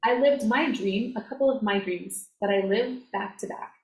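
A woman success coach talking in a casual, animated way, full of fillers and acted-out quotes. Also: medium pitch, moderate pace. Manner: animated, filler-heavy, acts out quoted voices. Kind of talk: casual conversational interview. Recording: roomy echo, faint noise.

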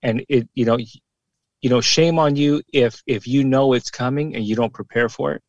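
A man's voice: mid-range voice, normal speed, no echo, lo-fi sound. A former police officer in his forties, talking bluntly and emphatically in a casual podcast conversation, with plenty of swearing and repeated words.

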